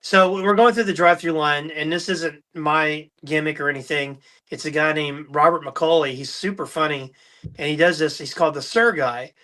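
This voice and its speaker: A middle-aged man hosts a casual podcast chat. His voice is fairly high and bright. He tells stories with energy and slips into other people's voices as he goes. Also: moderate pace. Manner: storytelling, animated, mimics voices in anecdotes. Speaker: podcast host.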